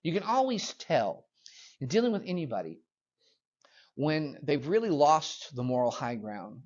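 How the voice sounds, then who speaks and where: A man's voice: on the high side, big pitch swings, a little slow, darkish tone, highs cut off. Emphatic man teaching a Bible lesson. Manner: conversational and emphatic, with asides and laughs.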